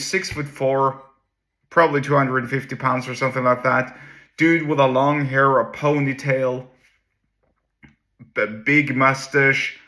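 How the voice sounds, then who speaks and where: A man's voice: medium pitch, bright, forceful tone. A man hosting a casual solo talk, rambling with many restarts and asides. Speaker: host.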